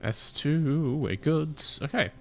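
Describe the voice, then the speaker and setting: A man's voice: fairly high pitch, slow pace, faint music behind. A young man streaming a racing management game, chatting casually with joking banter and mock outrage. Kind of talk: casual live-stream chat.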